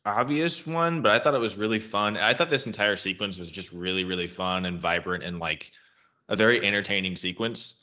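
A man with a bright, forceful voice sits at the mic for a casual podcast chat. He rants his opinions freely and swears often, and his voice sits a little low for a man. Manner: opinionated ranting with frequent swearing. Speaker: podcast co-host.

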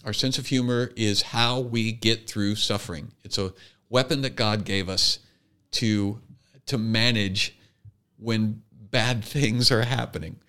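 A man's voice: lowish voice, steady tone, takes it slowly, sharp tone. A man co-hosting a podcast, talking earnestly in a casual chat and building his argument with restarts. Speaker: podcast co-host.

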